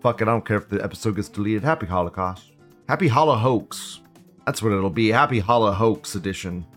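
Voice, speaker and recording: A man's voice: on the low side, a little fast, a bit bright, faint music behind. A man hosting a live online show, talking in a rambling, profane and mocking way. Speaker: host. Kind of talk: casual live commentary.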